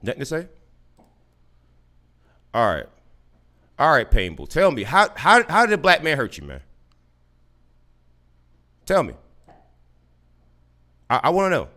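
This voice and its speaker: A man's voice: a little high, wildly swooping pitch, measured pace, pauses often, pushed and bright. A man hosting a podcast, taunting and mocking a caller with sarcastic, repeated questions and frequent stammered restarts. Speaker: podcast host. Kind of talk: combative live podcast talk with a caller.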